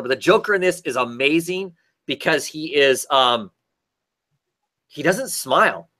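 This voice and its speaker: A man talking through a comic book review in a loose, rambling vlog style, stumbling over restarts and then getting excited while he retells the plot. His voice sits a little high and sounds bright and forceful. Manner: rambling, frequent fillers and restarts, enthusiastic retelling.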